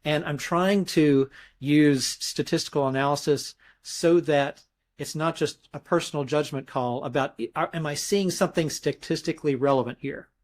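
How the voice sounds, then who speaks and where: Guy guest explaining hebrew grammar, slightly higher voice, thinks aloud and restarts a lot. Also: normal speed. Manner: thoughtful, explains step by step with self-corrections; mimics emphasis with his voice in examples. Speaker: interview guest, scholar. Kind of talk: academic explanation in conversation.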